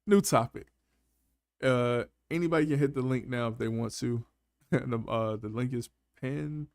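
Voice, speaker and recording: A man's voice: medium pitch, unhurried, gravelly, long pauses, a little mellow, no echo. Laughing, slangy man hosting a chat. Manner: laughs often, loose slangy banter. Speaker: panel host. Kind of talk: casual live chat.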